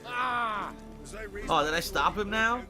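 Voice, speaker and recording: A man's voice: sits high, animated, takes it slowly, over music. A man streaming a video game, commentating live and ranting profanely at bugs and glitches. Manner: profane, easily angered ranting.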